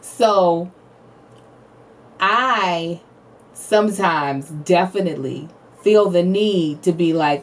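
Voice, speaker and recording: A woman in her thirties co-hosting a podcast, telling animated family stories, acting out quotes and laughing often. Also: lowish voice, slow pace, long pauses, distant mic. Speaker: podcast co-host. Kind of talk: casual chat.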